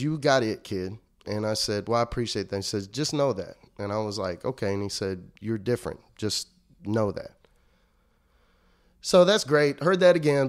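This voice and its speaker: A young man, an interview guest, telling a story in a casual, profane way and acting out the lines of the people in it. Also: mid-range voice. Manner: animated, profane, acts out quoted dialogue.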